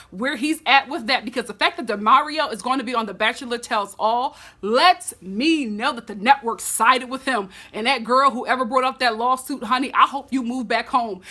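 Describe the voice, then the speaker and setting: A woman recapping a reality TV episode in a sassy, animated way, talking straight to her viewers. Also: high voice. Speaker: TV recap vlogger.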